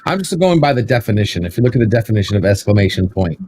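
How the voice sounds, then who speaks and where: A man in a casual debate, arguing his view with quick apologetic asides. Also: fairly low pitch, sing-song, a little mellow, slight background noise.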